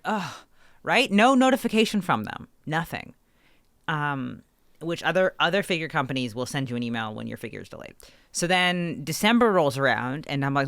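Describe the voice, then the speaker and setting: A woman co-hosting a podcast, telling a story in an animated, ranting way with swearing, close to her microphone. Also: sits low, no room sound. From Canada. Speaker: podcast co-host. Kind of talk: casual podcast chat. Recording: dry close-mic sound.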